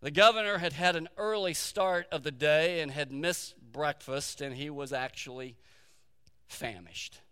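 Pastor, male, preaching in a church sanctuary; bright, forceful tone with a long echo behind. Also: a little high, a little slow, clear, resonant tone. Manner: storytelling preacher, repeats key phrases for emphasis. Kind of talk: sermon. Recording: long hall reverb.

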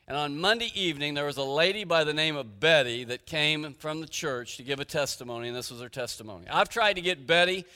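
Guy preaching, tells stories, kinda high bright voice, long hall reverb. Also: fast talker, few pauses. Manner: storytelling, retelling conversations. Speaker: pastor. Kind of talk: sermon.

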